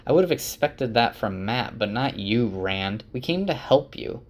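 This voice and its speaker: A man voicing a young woman channeler who is earnest and scolding, speaking a little higher and insistently. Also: lively intonation, unhurried, close to an everyday voice.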